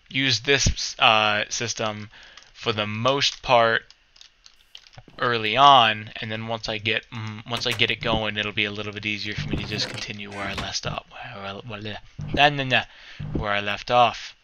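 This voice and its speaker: A man talking through a game at an unhurried, slow pace. His voice is sharp and very bright. He rambles, corrects himself mid-sentence and mutters playful sound effects, with faint keyboard clicks behind. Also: lowish voice, little pitch movement, slight background noise. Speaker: let's play host. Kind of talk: casual gameplay commentary.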